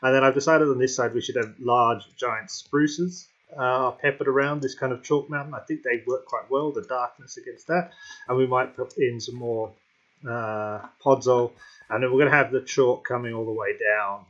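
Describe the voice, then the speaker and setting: A man at an ordinary middle pitch gives casual gameplay commentary and thinks aloud. He rambles with plenty of ums and restarts and keeps hiccuping. The recording sounds a little dull and lo-fi. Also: steady tone, normal speed, fairly bright tone.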